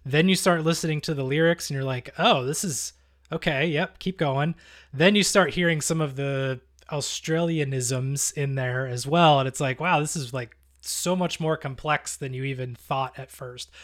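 A man from the United States hosting a podcast, animated and self-deprecating. He laughs easily, and his voice sits a touch higher than most men's. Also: a little slow. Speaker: podcast host. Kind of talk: casual chat.

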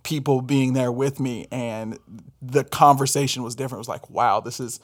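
A man speaks earnestly in a relaxed conversation, thinking aloud as he goes. He pauses and restarts often, searching for words. His voice sits at an ordinary middle pitch. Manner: thoughtful, earnest, halting with restarts. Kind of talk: casual reflective conversation.

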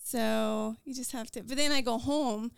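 A woman's voice: fairly high pitch, steady tone, gravelly, smooth, no room sound, studio quality. American woman with a Scottish lilt. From United States. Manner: quick, earnest, with many fillers and restarts. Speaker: podcast guest. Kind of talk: casual conversational interview.

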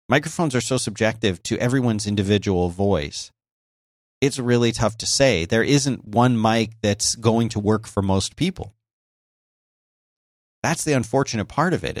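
A podcast host talks through a casual solo episode in a conversational, explanatory way, often restarting his sentences. His medium-pitched voice is expressive and moves at a moderate pace, recorded dry. He uses a close dynamic microphone with a noise gate in a home office beside a busy highway.

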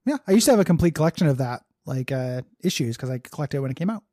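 A man's voice: medium pitch, expressive, very fast, mellow, no room sound, studio quality. A man co-hosting a podcast, chatting casually with a wry, sardonic edge and frequent laughs. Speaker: podcast co-host.

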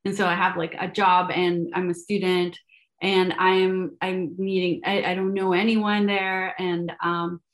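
A woman's voice: lowish voice, flat delivery, measured pace. Chatty young woman, Spanish speaker. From Venezuela. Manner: chatty, many fillers and restarts, laughs often. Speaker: guest, math educator. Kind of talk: casual podcast interview.

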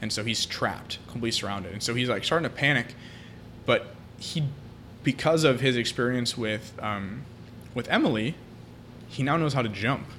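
A man's voice: mid-range voice, expressive, normal speed, bright, forceful tone, slight background noise. A man co-hosting a podcast, retelling a film plot in casual chat, with many fillers. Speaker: podcast co-host.

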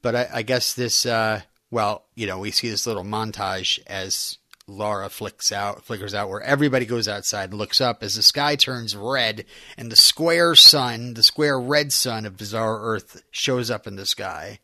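A man's voice: fairly low pitch, moderate pace, hardly any pauses, bright, forceful tone, no room sound, studio quality. A man co-hosting a casual podcast, recapping plot points of a TV episode, laughing often and making self-deprecating jokes. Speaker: podcast co-host.

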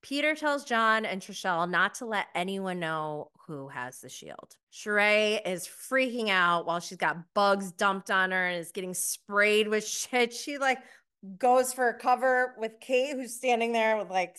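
A woman's voice: mid-range voice, unhurried, bright, forceful tone, smooth. A young adult woman, casually recapping a reality show with gossipy asides and frequent laughter. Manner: gossipy, laughs often, mocking quotes. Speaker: podcast host reviewing a reality show.

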